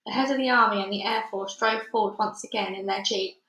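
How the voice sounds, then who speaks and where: A woman reading a children's book aloud with lively, dramatic storytelling. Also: medium pitch, brisk. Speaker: storybook reader. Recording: roomy echo.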